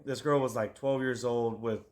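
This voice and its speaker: A man of ordinary pitch co-hosts a casual true-crime podcast. His talk rambles and restarts, heavy with swearing, and he often trails off while hunting for a name. The delivery is loose and conversational. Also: fairly even intonation, moderate pace. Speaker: podcast co-host.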